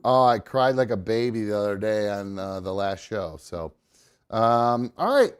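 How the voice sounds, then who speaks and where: A man hosting a live show in casual chat, rambling and swearing freely, quick to laugh, often drifting away from his mic. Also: lowish voice, animated, clean tone. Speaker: podcast host.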